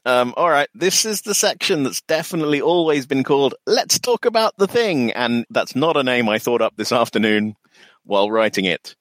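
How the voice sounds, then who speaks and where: A man's voice: medium pitch, expressive, normal speed, fairly bright tone, dry recording. A man co-hosting a podcast, chatting casually with dry, self-deprecating humor. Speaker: podcast co-host.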